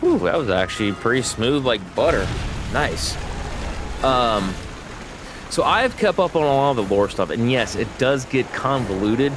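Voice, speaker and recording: A man's voice: medium pitch, very animated, a little slow, over music. A man streaming a video game, telling a long family story in a rambling way and correcting himself as he goes. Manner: rambling, self-interrupting storyteller. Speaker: gaming streamer. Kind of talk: casual storytelling while livestreaming a game.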